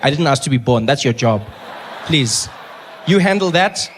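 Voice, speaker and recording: A young man doing stand-up comedy, telling a story with animated delivery and acting out characters. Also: mid-range voice, moderate pace, a little hiss or hum. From South Africa. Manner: animated storytelling, acts out characters in shifting voices. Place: stage before a live audience.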